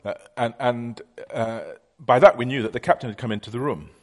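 A man's voice: medium pitch, a little fast, darkish tone. A middle-aged man preaching a conversational sermon, telling stories with many fillers.

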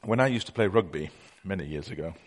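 Chatty middle-aged preacher. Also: male voice, deep voice, expressive, quick pace. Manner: anecdotal, conversational with many fillers. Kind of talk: sermon.

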